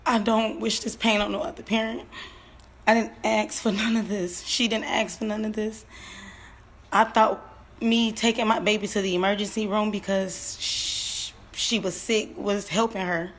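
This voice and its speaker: A woman in her twenties, a grieving mother telling her story on a live stream, nervous and shaky, halting, with lots of fillers and repetition. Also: mid-range voice, level tone. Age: 20s. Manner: halting, filler-heavy, repeats herself.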